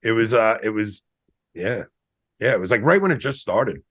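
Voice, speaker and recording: Husky and lowish, a man's voice moves at a moderate pace as he, in his forties, shares a personal anecdote on a relaxed podcast. He brings it to life by performing his own past quotes.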